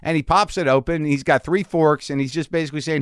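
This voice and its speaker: A man hosting a podcast, telling a story in a casual, animated way and acting out the people in it. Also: a little high, brisk, clear, resonant tone, no room sound, studio quality. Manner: animated, acts out the people in his stories. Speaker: podcast host. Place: home garage studio.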